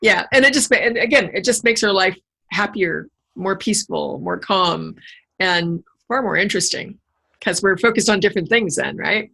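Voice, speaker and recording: Gravelly-voiced woman business coach. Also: medium pitch, animated, moderate pace, sharp tone. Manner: affirming, encouraging. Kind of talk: casual conversation.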